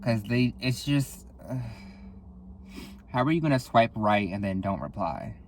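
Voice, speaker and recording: A young man hosting a solo podcast, speaking candidly and casually, swearing a lot, sighing often and jumping up in pitch for dramatic effect. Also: animated, slow pace, a little hiss or hum. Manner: candid and profane, with frequent sighs; dramatic, with sudden jumps in pitch. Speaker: podcast host.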